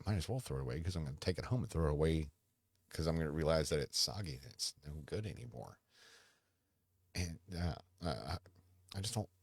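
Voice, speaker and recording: A man with a slightly rough bass voice hosts a podcast alone, chatting casually. He rambles and interrupts himself, with a dry sense of humor, in a dry recording.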